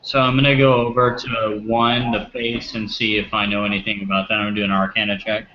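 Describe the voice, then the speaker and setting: A man's voice: on the low side, flat delivery, brisk. Guy playing a tabletop game, matter-of-fact, dull audio with noise behind. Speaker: player. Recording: lo-fi recording with clear background noise.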